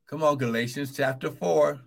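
A man preaching a sermon to an online audience, fervent and breaking into shouts, calling out repeated encouragements. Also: fairly high pitch, fairly even intonation, moderate pace, vocal fry. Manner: fervent, bursts into shouts of "woo, glory"; calls out repeated encouragements to listeners. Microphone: streaming live to online viewers.

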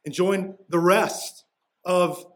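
A man delivers a sermon as pastor, his voice sitting a bit high for a man. He talks in a loose, conversational way and drops in casual asides as he explains. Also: fairly even intonation, takes it slowly, a bit bright.

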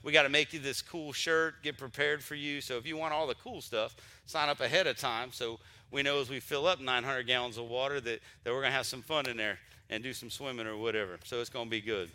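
A man's voice: medium pitch, steady tone, brisk, hardly any pauses. A middle-aged man, a pastor, giving church announcements and praying aloud, emotional and stumbling through restarts. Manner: warm, emotional, repetitive restarts. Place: church sanctuary during service.

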